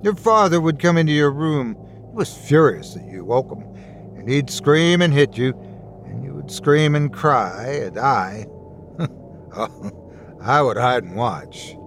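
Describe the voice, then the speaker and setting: A man's voice: medium pitch, expressive, slow, vocal fry, slight background noise. A man voicing a gleeful taunting boogeyman. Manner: mocking, relishing cruelty. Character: sinister taunting male boogeyman, ageless and gleeful.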